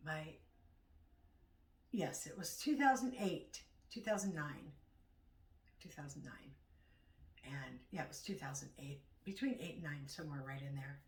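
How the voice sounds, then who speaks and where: A middle-aged woman chatting casually at home in a vlog, rambling and halting as she talks. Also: on the low side. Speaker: vlogger. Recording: echoey room, far from mic.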